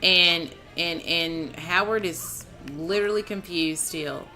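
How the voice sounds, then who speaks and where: A woman with a low but bright, forceful voice slowly recaps a TV episode in a casual way, as a TV show reviewer and channel host. Excitable and chatty, she speaks to her co-host and viewers, using "like," "man," and "dude" a lot, while faint music plays in the background.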